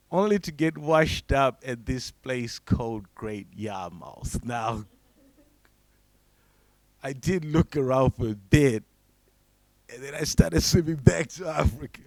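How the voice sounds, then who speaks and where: A young Zimbabwean man does a stand-up comedy set, moving from low, deadpan setups into sudden high, shouted character voices. There's no room sound in the recording.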